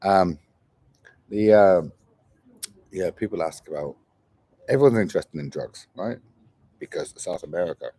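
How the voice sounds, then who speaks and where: A man's voice: low-pitched, expressive, a little slow, long pauses, mellow. A man in his forties, a travel vlogger chatting casually on a livestream, rambling and calling his viewers mate. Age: 40s. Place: traveling in Argentina.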